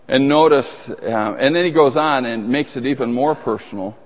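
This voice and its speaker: A man's voice: mid-range voice, moderate pace, hardly any pauses. A man preaching a sermon in a conversational, emphatic way, with asides and restarts. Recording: long reverb of a large hall.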